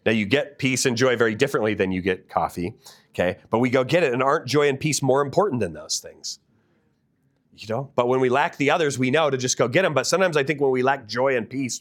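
A man preaching a sermon as a pastor, earnest and asking the listeners direct questions. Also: mid-range voice.

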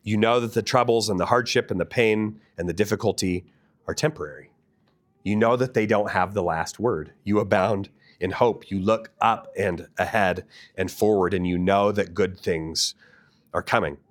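A man's voice: fairly low pitch, moderate pace. A man preaching a sermon as a pastor, earnest and asking the listeners direct questions.

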